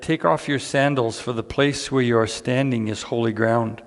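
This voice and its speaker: A man preaching a sermon as pastor, earnest and unhurried, repeating key lines with dramatic pauses. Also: mid-range voice, steady tone. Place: church sanctuary. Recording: church hall reverb.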